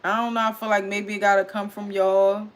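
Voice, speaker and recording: A woman hosting a casual livestream recap, chatting loudly and excitedly with her chat and reading their comments aloud. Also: medium pitch, a little fast, smooth.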